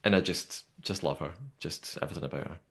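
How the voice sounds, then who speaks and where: A young man hosting a podcast, chatting casually and telling the story in a lively way with lots of fillers. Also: extremely low pitch, fast, creaky. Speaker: podcast host. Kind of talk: casual recap chat.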